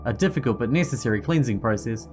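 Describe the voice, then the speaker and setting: A man's voice: medium pitch, animated, fast, music in the background, close to an everyday voice. A man voicing a courteous young woman nurse with a studied, casual politeness that hides suspicion. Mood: guarded.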